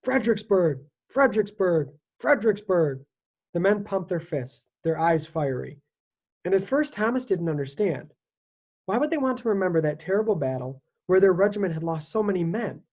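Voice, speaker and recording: A teacher reading a children's historical novel aloud with lively, expressive storytelling. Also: medium pitch, fairly quick.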